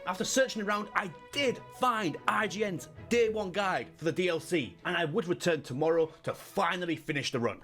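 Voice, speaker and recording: A man reading a game guide aloud as a video creator, breaking into giggling fits and loud mock outbursts. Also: sits high, brisk, few pauses, faint music behind.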